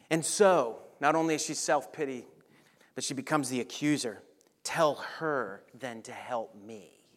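A man delivers a sermon in a high, bright-toned voice. He preaches with lively energy, then drops to hushed, soft lines to make a point. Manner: animated preaching, dropping to soft near-whispers on key lines. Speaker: pastor.

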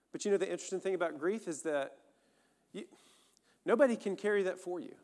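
In a big hall's lingering echo, a married adult man delivers a sermon with a slightly high, darkish voice. He's a pastor, earnest yet conversational, addressing his listeners directly.

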